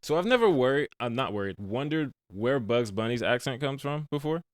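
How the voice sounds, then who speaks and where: A man's voice: mid-range voice, lively intonation, fairly quick, no room sound. A young adult man hosting a casual movie podcast, retelling scenes with slangy asides. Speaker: podcast host reviewing movies. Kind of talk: casual chat.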